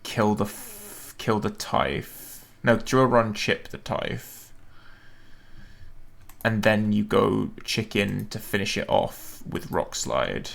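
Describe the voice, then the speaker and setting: A man's voice: fairly low pitch, lively intonation, slow, vocal fry, fairly bright tone. A man streaming a video game, thinking aloud and questioning himself as he plans a battle. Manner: musing, self-questioning, hesitant.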